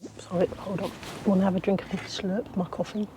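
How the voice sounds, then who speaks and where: A woman chatting casually as a gardening vlogger, talking to her dog and now and then dropping to a soft whisper. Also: mid-range voice, level tone, fairly quick, slight background noise. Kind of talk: casual vlog chat. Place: outdoor allotment and a quiet home.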